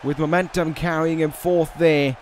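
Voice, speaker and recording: A man commentating a wrestling video game in a slightly high voice. He rambles casually between matches with restarts and fillers, then rises into excited calls when the big moves land. Faint noise sits behind him. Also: normal speed. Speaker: gaming video host.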